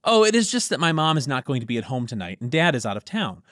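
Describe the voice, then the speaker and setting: A man voicing an eager, easily flustered young man in an audiobook, talking in quick exclamations. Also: mid-range voice, dry recording, clean studio sound, pitched above the performer's own voice. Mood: excited. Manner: excitable, exclamatory.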